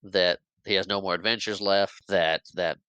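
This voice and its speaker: A man's voice: low voice, steady tone, moderate pace, pushed and bright, smooth, dry recording, highs cut off. A man hosting a podcast, casually recapping a movie scene by scene and acting out the characters' lines with laughs. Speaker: podcast host.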